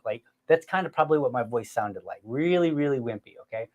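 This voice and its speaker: Middle-aged guy hosting a podcast, animated storyteller, pokes fun at himself, talks right to the folks listening. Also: mid-range voice, brisk. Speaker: podcast host. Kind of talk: casual storytelling chat.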